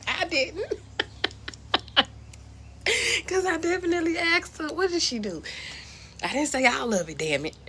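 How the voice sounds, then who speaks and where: Animated, laughing woman telling home stories. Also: very high voice, measured pace, pauses often, slight background noise. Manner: animated storytelling, laughing often. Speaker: vlogger and parent. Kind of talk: casual chat to camera.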